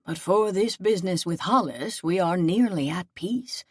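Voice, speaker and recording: Casting: a woman playing an old crippled seneschal, deep-ish, slow and gentle. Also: slightly rough, dry recording, studio quality. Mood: solemn. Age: older. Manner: slow, solemn and fatherly. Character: aging wounded male seneschal, gentle and loyal.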